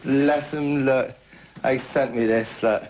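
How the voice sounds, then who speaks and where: A man's voice: mid-range voice, fairly even intonation, slow. Cheeky male comic host, rambling monologue; dull, hissy vintage TV audio. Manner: cheeky, rambling, tall tales with asides to the audience. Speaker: comedy show host. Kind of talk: stand-up monologue in character. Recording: muffled old TV recording with hiss.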